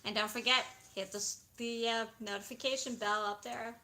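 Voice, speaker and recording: A woman's voice: fairly high pitch, fairly even intonation, moderate pace, pushed and bright. A woman co-hosting a live stream in casual chat, giggly and chatty.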